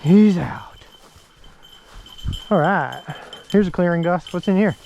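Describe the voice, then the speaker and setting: A man's voice: sits high, normal speed, vocal fry, dull audio, a little hiss or hum. A man out hunting in thick woods, talking casually to his dogs and calling commands to them in a coaxing way. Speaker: hunter filming his hunt.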